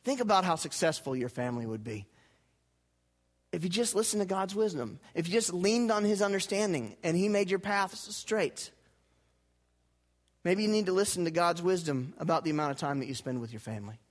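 A male pastor preaching a sermon, putting questions to his congregation and asking them to repeat lines back, swinging from loud emphatic lines to low, quiet ones. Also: expressive, a little fast. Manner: rhetorical questions and call-and-response with the congregation.

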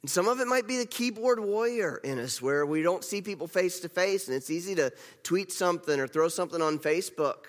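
A man's voice: high voice, animated, fairly quick, hardly any pauses. A male pastor giving a conversational sermon, repeating phrases for emphasis. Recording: long reverb of a large hall.

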